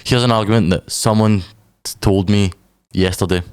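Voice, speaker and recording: A man's voice: lowish voice, steady tone, moderate pace, darkish tone, clear, resonant tone, no echo. A man hosting a casual podcast interview, chatty, often saying "mad". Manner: chatty, says "mad" a lot. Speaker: podcast host.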